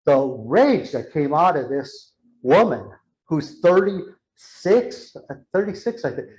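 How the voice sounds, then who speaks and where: A man presenting a live workshop talk in a church hall, telling a story in an animated way and acting out what people said. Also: on the high side, slow, lo-fi sound. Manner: animated retelling, acting out quotes. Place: church hall, with an in-person audience.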